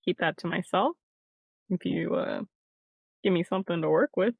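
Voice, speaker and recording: A woman's voice: lowish voice, normal speed, vocal fry, breathy edge, no room sound, narrow, tinny audio. A woman voicing a cagey, determined investigator, speaking tersely and pressing for answers. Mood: guarded, firm. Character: determined, cagey investigator seeking a missing person.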